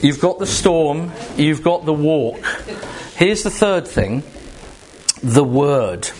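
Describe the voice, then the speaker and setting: A man preaching a sermon to a congregation, emphatic and animated, with rhetorical questions and asides to the room. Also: on the high side, slow. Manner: jokes directly with the congregation.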